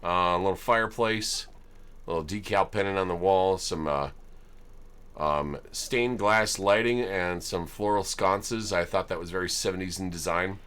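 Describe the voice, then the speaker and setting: Giving casual gameplay commentary, a man with a low, slightly bright, clean-toned voice speaks at normal speed. He's chatty and amused, chuckling often as he shows off homes he built in a life-sim game.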